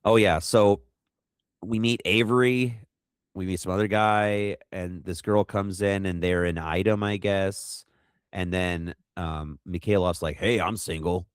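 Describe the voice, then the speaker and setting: A man co-hosting a podcast, rambling through a movie recap and acting out quotes in quick funny voices. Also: sits low, fairly even intonation, clean tone, no echo, studio quality. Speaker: podcast co-host. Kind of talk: casual movie recap chat.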